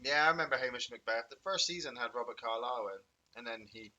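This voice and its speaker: A man streaming a game who chats away, jokes and swears as he reacts to what happens on screen. His voice sits at a middling pitch. Clear game noise runs behind him, with hoofbeats and clicks. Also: fast, bright, forceful tone, highs cut off. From England. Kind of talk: casual live gameplay commentary.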